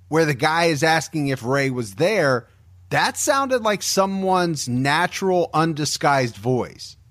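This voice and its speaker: This is a man narrating true crime from a script in a measured, grave voice, pitched a little above the usual. The sound is dry and close, with no room around it. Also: fairly bright tone, no room sound. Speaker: podcast host.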